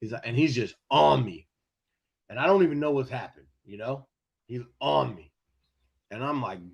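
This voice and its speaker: A man co-hosting a sports podcast, telling a story in casual chat, animated and profane, often laughing as he goes. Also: medium pitch, normal speed, vocal fry, pauses often, breathy edge. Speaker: podcast co-host.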